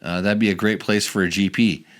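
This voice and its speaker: Guy hosting a chill podcast, lowish voice, kinda rambly, keeps restarting. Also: fairly even intonation, a little fast. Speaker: podcast host. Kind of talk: casual podcast chat.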